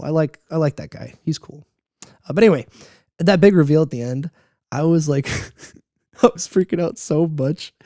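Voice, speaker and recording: A young man co-hosting a casual podcast chat, telling stories with lively, acted-out reactions. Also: dry recording, clean studio sound. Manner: animated storyteller, acts out his own reactions with high squeals. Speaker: podcast co-host.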